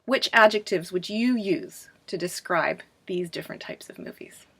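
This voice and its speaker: A woman's voice: fairly low pitch, fairly bright tone. A woman teaching a pronunciation lesson in a staged classroom, asking questions and answering them herself as if students replied. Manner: clear, deliberate teacher delivery.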